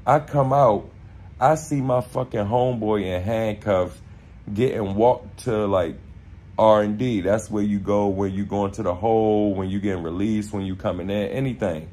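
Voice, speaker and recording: A young man with a Baltimore accent telling a casual story, animated and profane, acting out quotes in street slang. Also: lowish voice, moderate pace. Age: young adult.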